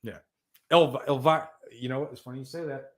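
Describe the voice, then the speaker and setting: A man's voice: medium pitch, fairly even intonation, a little fast. A man hosting a casual live stream, rambling with enthusiasm and talking to viewers in the chat. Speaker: livestream host.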